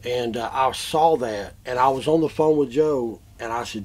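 A man telling his own encounter in an interview, animated, repeating himself, going from loud bursts to hushed tones. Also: medium pitch, normal speed, few pauses. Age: adult, a father. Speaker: eyewitness interviewee. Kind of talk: emotional first-person retelling.

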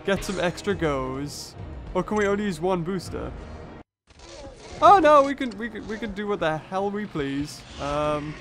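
A young man commentates on his game in a high, lively voice that leaps up and down with every turn. He reasons through each move aloud and breaks into excited exclamations. Soft game music plays quietly behind him. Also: a little slow. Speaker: gaming channel host. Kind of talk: let's play commentary.

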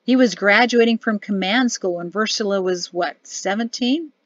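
A woman's voice: mid-range voice, normal speed, no room sound, lo-fi sound, close to an everyday voice. A woman voicing an embarrassed husband and army officer who grumbles and mutters under his breath. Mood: strained.

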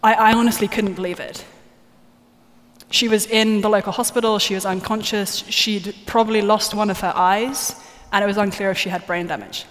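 A woman's voice: medium pitch, steady tone, moderate pace. A woman giving a live conference talk from the stage, chatty and joking with the audience. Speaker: conference speaker. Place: large conference hall. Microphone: stage microphone. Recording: live hall reverb, faint noise.

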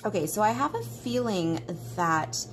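Woman vlogger, casual and self-deprecating, mid-pitched voice, noise heard behind her. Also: lively intonation, unhurried. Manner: chatty, self-mocking, dramatic outbursts. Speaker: artist and vlogger. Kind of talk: casual chat while coloring.

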